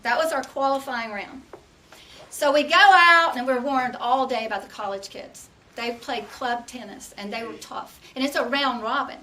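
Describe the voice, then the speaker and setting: High-voiced woman telling a tall tale. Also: moderate pace, far from the mic, a little hiss or hum. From Texas. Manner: lively storytelling, laughs through punchlines. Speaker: contest speaker. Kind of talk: humorous tall-tale speech.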